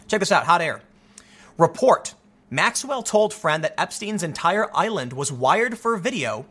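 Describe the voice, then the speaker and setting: A man talking through a casual commentary monologue, animated and often restarting his sentences. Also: on the high side. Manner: animated, repeats himself, many restarts. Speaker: commentary host.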